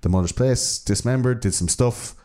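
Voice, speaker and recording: A podcast co-host recounts a true-crime case in casual chat, his mellow, mid-range voice moving at a moderate pace. He sounds hesitant, packing his telling with fillers and restarts and swearing casually.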